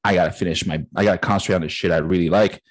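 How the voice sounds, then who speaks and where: A man's voice: low voice, very fast, dry recording, poor audio. A man in his late thirties co-hosting a podcast, telling a story in a casual, profane way, acting out conversations and laughing often. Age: 30s. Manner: profane, animated storytelling, acting out quoted dialogue, frequent laughter. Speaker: podcast co-host. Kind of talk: casual chat.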